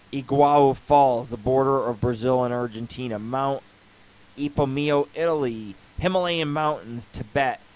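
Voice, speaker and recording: A man's voice: medium pitch, clean tone, rough recording. Profane rambling male radio host. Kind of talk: casual live radio monologue.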